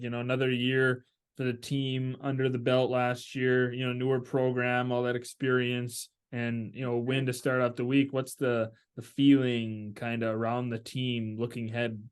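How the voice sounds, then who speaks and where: A man's voice: medium pitch, flat delivery, normal speed, clean tone. Man hosting a casual sports chat. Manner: friendly, conversational questions with fillers. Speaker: podcast host.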